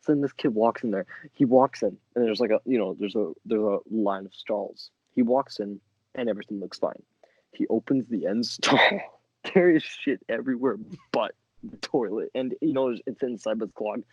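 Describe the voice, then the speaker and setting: A man's voice: lowish voice, darkish tone, dry recording. A young man hosting a podcast, telling a crude story in a rambling, laughing way. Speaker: podcast co-host. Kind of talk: casual storytelling chat. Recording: dull lo-fi mic.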